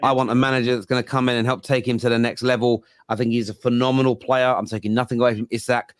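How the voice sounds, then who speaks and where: A man's voice: medium pitch, level tone, quick pace, dry recording, clean studio sound. A man in his late thirties with a London accent, hosting a casual football fan podcast, joking around and reading out viewer comments. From England. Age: 30s. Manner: jokey, banters and reads out viewer comments. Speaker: podcast host.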